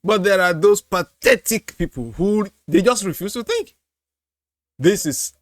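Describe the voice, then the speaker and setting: Male reaction host, high and animated, slow and amused, dry close sound. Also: no echo. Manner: laughs often, repeats exclamations. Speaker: apologetics host reacting to a clip. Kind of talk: mocking reaction commentary.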